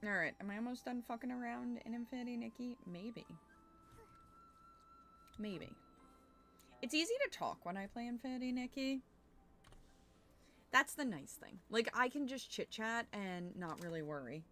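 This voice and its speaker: A woman's voice: on the high side, moderate pace, pauses often, pushed and bright, faint music behind. A young woman streamer chatting casually while playing a game, thinking aloud and swearing now and then. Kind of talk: casual gameplay chat.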